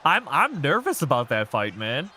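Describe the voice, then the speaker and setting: Lively high-voiced male streamer. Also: moderate pace, a little hiss or hum. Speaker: streamer hosting a wrestling game show. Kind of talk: casual live-stream chat.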